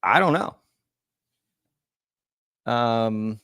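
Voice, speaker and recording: A man's voice: on the low side, unhurried, creaky, no room sound. A man hosting a live Q&A, reading chat comments aloud and laughing often. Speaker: livestream host.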